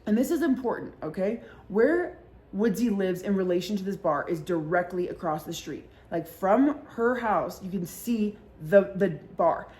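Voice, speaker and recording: A woman vlogger with a medium-pitched, expressive, darkish voice talks at a moderate pace in a casual storytime chat. She rambles with constant fillers and heavy swearing, acting out the voices of the people she quotes.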